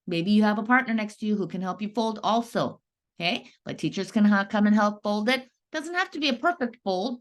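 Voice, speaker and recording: A woman with a medium-pitched voice teaches first graders how to write, her delivery rising and falling in a patient sing-song. She draws out important words slowly and keeps checking in with the class during this writing lesson.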